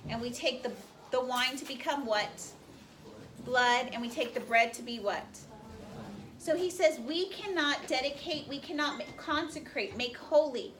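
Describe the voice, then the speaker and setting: High-voiced teacher quizzing her class. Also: a little slow, a bit bright. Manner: reads aloud and quizzes students with questions. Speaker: history teacher. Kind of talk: classroom lecture. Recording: classroom recording from far off, slight noise.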